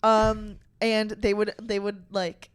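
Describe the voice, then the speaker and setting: Animated, foul-mouthed young woman podcast host. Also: medium pitch, slow pace, clean tone. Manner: animated storyteller, swears freely, acts out quotes loudly. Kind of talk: casual chat.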